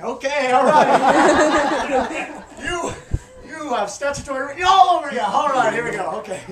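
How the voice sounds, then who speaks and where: A man doing a live comedy act for a crowd on an outdoor fair stage, loud and teasing, with crude jokes and bursts of shouting. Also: very high voice, lively intonation, normal speed. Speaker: fire performer and street-show comedian. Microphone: camera far from the stage. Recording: distant, echoey, noisy amateur video.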